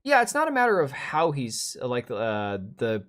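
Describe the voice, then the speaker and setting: A man's voice: medium pitch, wildly swooping pitch, moderate pace, fairly bright tone. A man in his thirties hosting a casual livestream, rambling bluntly and reacting to chat with restarts and asides. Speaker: livestream host.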